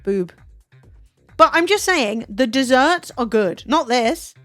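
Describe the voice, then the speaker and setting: A woman's voice: high-pitched, slow pace, no echo, faint music behind. A young English woman streaming, chatting casually with lots of swearing and joking asides. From England. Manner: swears freely, animated and jokey. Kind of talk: casual chat.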